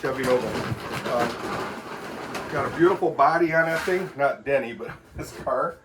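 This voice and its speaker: A middle-aged man from Michigan, talking in a rambling, chatty way and often clearing his throat. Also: mid-range voice, normal speed, background noise. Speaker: vlogger. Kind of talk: rambling casual chat.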